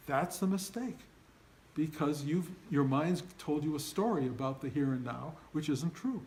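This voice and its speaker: An older man, a spiritual teacher, gives an informal talk to his students, earnest and emphatic, frequently acting out the voices in their heads. His pitch is fairly high and a little mellow, his speed normal, and the recording is low quality.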